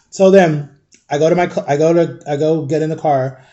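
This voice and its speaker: Rambling storytelling man, slightly high voice. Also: steady tone, moderate pace, warm tone, dull audio. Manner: rambling, heavy use of "like", acts out quoted people. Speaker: vlogger. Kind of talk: casual storytelling while eating.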